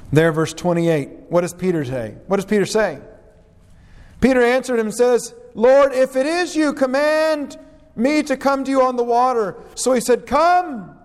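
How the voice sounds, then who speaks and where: A man preaching a sermon, reading scripture aloud with earnest, dramatic rises and drops in his voice. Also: sits high. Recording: long hall reverb.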